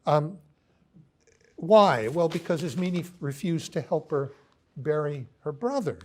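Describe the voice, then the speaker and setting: A man giving a philosophy lecture, pausing often with ums and restarts as he reads quoted lines aloud. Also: fairly high pitch, lively intonation, darkish tone. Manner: halting, many ums and restarts.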